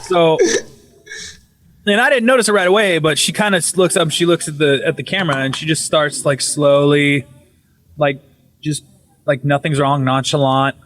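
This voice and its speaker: A man's voice: on the high side, normal speed, pauses often. Swearing man telling a spooky story. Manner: profane, animated retelling with voiced quotes. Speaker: podcast guest. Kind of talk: casual storytelling. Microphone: video call.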